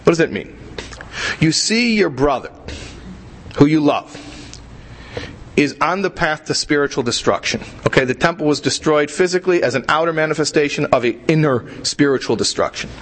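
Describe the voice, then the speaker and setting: A man's voice: a little high, expressive, normal speed, fairly bright tone, rough recording. A man teaching a religious class in a conversational way, repeating himself and asking rhetorical questions. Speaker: Torah teacher.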